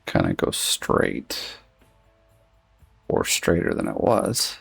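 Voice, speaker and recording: A man's voice: slow, no echo, soft background music. A man streaming a game, thinking aloud in casual, rambling commentary and saying he is losing his voice. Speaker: gaming streamer.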